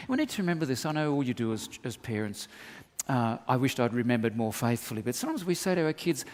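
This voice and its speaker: A middle-aged Australian man preaching a sermon as pastor, telling animated stories with humorous asides. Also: medium pitch, fast. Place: church hall. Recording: long reverb of a church hall.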